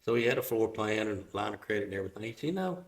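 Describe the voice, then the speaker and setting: A middle-aged man with a gravelly, creaky voice talks in a folksy, halting way and keeps restarting his sentences as he tells his story. He sounds like he is in a roomy, echoing space. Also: on the low side, lively intonation. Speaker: guest, car business owner. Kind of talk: casual chat. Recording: roomy echo.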